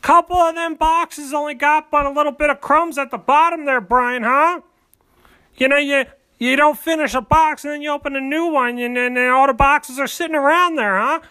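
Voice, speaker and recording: A man's voice: extremely high pitch, steady tone, moderate pace, pushed and bright. A man voicing a rambling middle-aged stepdad who keeps pleading down the stairs with his stepson. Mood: nagging. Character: nagging middle-aged blue-collar stepdad.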